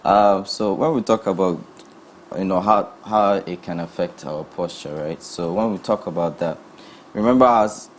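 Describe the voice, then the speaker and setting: Calm ghanaian guy, thick accent, very deep voice, explains slow and measured, faint hum behind. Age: young adult. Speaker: physiotherapist guest. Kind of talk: studio interview.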